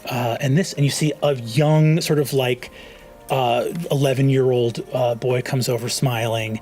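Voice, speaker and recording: A man's voice: mid-range voice, steady tone, measured pace, a little mellow, soft background music. A man narrating as game master in a tabletop game, rambling with many fillers and restarts.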